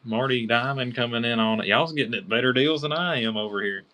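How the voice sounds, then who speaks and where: A man with a Kentucky accent selling knives on a live-stream auction, chatty and excited, calling out bidders by name. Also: mid-range voice, fairly quick.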